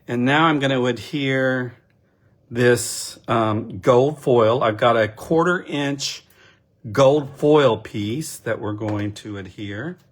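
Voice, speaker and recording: A man giving a casual, unhurried card-making demonstration, chatty and self-deprecating as he works. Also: medium pitch.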